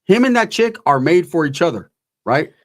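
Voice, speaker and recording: Joking guy cohosting a stream, cusses, pitch bounces around a lot. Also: sing-song, normal speed. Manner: joking, profane, easygoing. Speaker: co-host. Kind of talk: casual live-stream chat.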